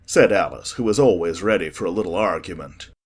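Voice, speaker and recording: A man narrating a children's classic in a measured storytelling way for an audiobook. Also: low voice, lively intonation, breathy edge.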